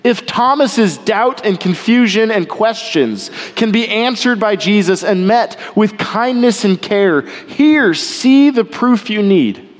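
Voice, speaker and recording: Male pastor, high voice, slow deliberate delivery, animated sermon swinging between loud and hushed. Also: big-room sound. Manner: animated, rising and falling between loud emphasis and quiet softness.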